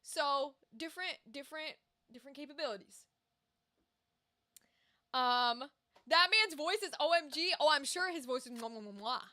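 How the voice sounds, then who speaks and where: High, bright-voiced woman chatting candidly. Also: moderate pace, pauses often. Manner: candid, swears freely, chatty asides. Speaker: voice actor streamer. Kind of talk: casual livestream chat.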